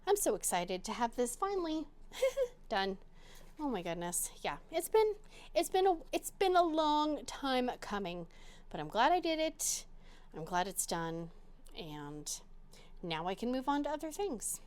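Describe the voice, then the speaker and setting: A woman's voice: on the high side, sing-song, measured pace, a little mellow. A young adult woman hosting her crafting channel, chatting casually and bubbly, poking fun at herself. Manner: bubbly, chatty, self-mocking. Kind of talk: casual chat to camera.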